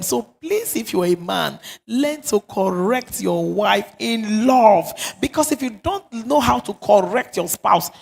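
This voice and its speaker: A woman's voice: mid-range voice, vocal fry, husky. A woman pastor with a Nigerian accent, preaching a sermon and repeating phrases for stress. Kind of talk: sermon on marriage. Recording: long reverb of a church hall.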